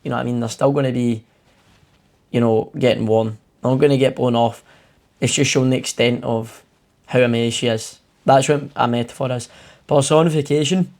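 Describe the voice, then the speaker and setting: A man's voice: mid-range voice, steady tone, fairly quick, darkish tone. A man tutoring English, talking through exam answers in an informal, rambling way with plenty of fillers and asides. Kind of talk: exam walkthrough lesson.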